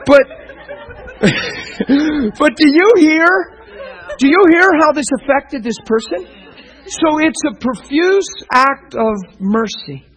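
A man preaching conversationally who tells stories with laughter and drops to a hush for emphasis. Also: very high voice. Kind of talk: storytelling sermon talk.

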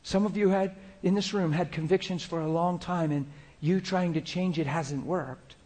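A male preacher with a slightly higher voice, talking to a room of listeners in a relaxed, conversational sermon. He drops into soft, murmured prayer and then brightens into goofy, laughing anecdotes. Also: normal speed. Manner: conversational, shifts into soft spoken prayer and playful storytelling. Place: church room before a congregation.

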